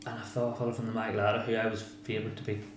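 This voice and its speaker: A man's voice: on the low side, flat delivery, fast talker. Man, Northern Irish accent, former boxer, rambling and frank, echoey room, background noise. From Northern Ireland. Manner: rambling, repeats himself, frank and swears. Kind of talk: casual interview.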